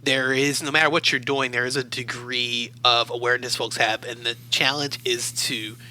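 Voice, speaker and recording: A man from Baltimore, a university academic adviser, telling personal stories as an interview guest in a measured, thoughtful way. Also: mid-range voice, steady tone, bright, forceful tone, slight background noise, rough recording. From Baltimore, USA. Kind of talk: reflective interview storytelling.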